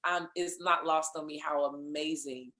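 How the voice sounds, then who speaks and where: A woman being interviewed, telling a lively story in casual conversation, acting out what others said and laughing along. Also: deep voice, moderate pace, reverberant. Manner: animated storyteller, acts out others' lines, laughs. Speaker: interview guest, singer and voice actor.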